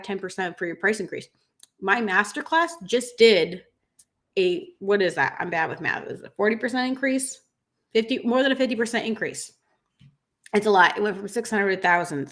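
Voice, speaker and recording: A woman in her thirties hosting a livestream, tearful after crying, reading viewer comments in an earnest, halting way with many fillers. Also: medium pitch, a bit bright. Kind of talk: emotional livestream chat.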